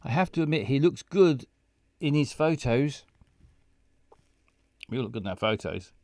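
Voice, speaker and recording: A man's voice: medium pitch, lively intonation, normal speed, darkish tone, no room sound, clean studio sound, lightly acted. A man reading the lines of an anxious, dramatic young woman protagonist in a game. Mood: fretful. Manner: fretful, dramatic.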